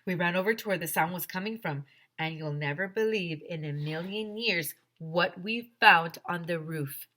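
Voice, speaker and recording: A woman teacher reading a children's chapter book aloud, animated and full of character voices. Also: on the low side, moderate pace. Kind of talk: children's storybook read-aloud.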